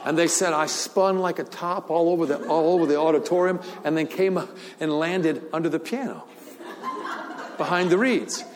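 A man's voice: on the high side, moderate pace, background noise. An older man preaching a sermon, telling a story with frequent laughter and repeated words. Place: large church hall. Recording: long hall reverb.

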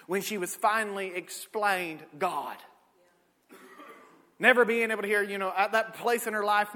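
A man, preaching a sermon with folksy stories, swinging from shouted peaks to low asides. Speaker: pastor. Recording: echoey hall.

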